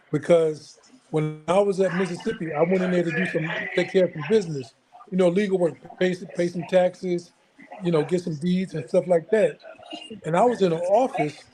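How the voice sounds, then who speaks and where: A man recounting a personal story as a guest on a panel discussion, in a measured way. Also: high-pitched, darkish tone, slight background noise, rough recording.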